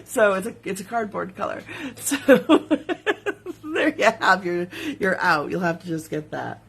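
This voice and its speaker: A woman's voice: medium pitch, animated, measured pace, vocal fry, fairly bright tone, husky. A woman who makes jewelry, hosting a casual live sales stream from her studio. She chats, giggles and reads viewer comments aloud. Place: home studio.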